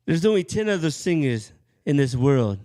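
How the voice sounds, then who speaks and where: A swaggering rock singer who brags in a lazy, slangy drawl, as a man puts him on. The lines land a bit slower and louder than normal talk, stretched out for effect. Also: on the high side, very animated. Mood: cocky.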